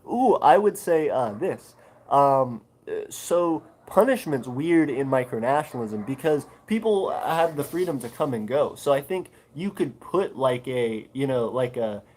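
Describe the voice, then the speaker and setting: Guy chatting on his livestream, rambly, lots of uhs and ums, mid-pitched voice. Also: animated, unhurried, a little mellow, a little hiss or hum, low-quality recording. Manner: rambling, many fillers, reads chat aloud. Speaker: livestream host. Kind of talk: casual livestream chat.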